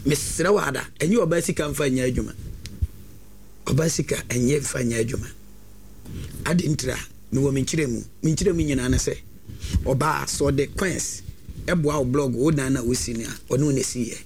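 A man giving lively, preachy advice on a talk show, sometimes breaking into shouts. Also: mid-range voice, normal speed, a little hiss or hum.

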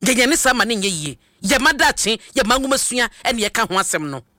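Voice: medium pitch, very animated, fast talker, bright, forceful tone, dry recording. A radio host giving emphatic commentary, asking rhetorical questions into a studio microphone.

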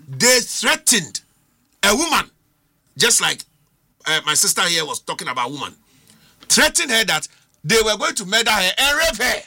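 With a high-pitched, sing-song voice that sounds pushed and bright, a middle-aged Ghanaian man debates on a political talk show at a moderate pace, leaving long pauses. His manner is argumentative and emphatic, full of rhetorical questions, and he mixes languages.

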